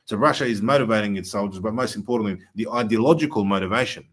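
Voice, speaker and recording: Male host, low voice, earnest and emphatic, pauses with "uh". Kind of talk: political commentary chat.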